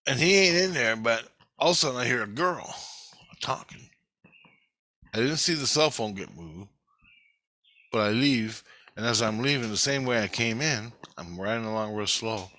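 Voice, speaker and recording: A man's voice: lowish voice, sharp tone, dry recording. A man talking in a rambling, profane monologue about a dream he had.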